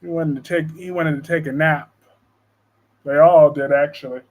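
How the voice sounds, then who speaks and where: A man's voice: a little high, steady tone, moderate pace, darkish tone. A man hosting a casual live stream from home, joking and reading viewer comments aloud. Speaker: live-stream host discussing soap operas.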